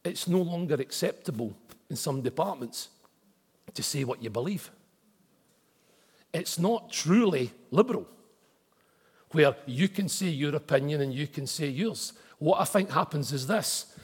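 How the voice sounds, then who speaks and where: Man, pastor preaching; lively, husky voice; big church-hall reverb. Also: fairly high pitch, normal speed, long pauses. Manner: emphatic, rising to forceful repeated declarations. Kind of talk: sermon. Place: church auditorium.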